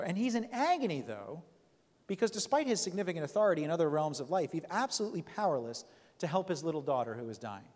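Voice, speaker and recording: Lively man preaching in a reverberant hall. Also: fairly high pitch. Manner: conversational, asks "right?" often, restarts phrases. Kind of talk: sermon with scripture reading.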